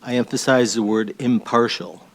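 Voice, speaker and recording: A man speaking as an attorney at a public board hearing, halting and pausing between points. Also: medium pitch. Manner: halting, with fillers and pauses while looking up notes. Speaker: attorney for a petition sponsor. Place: public hearing room, speaking into a table microphone.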